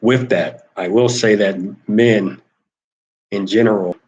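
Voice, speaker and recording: Man, low voice, solo talk host, wry, rambling, repeats himself, emphatic points. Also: slow pace, darkish tone, muffled recording. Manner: wry, rambling, repeats words while thinking aloud.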